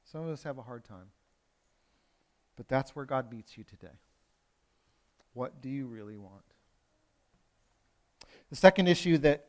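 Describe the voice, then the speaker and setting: A pastor delivering a sermon in a conversational way, moving from loud emphasis to hushed lines, with playful asides to the congregation. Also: male voice, medium pitch. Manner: conversational preaching with wide swings from loud to hushed.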